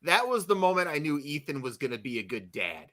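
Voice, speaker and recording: A young man co-hosting a casual podcast, his voice bright and forceful with wide swings in pitch. He swears freely and jumps between shouting and muttering. He talks from his own desk mic, as if on a video call. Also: sing-song, brisk. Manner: loud, profane and playful, swings between shouting and mumbling. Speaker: podcast co-host. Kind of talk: casual chat.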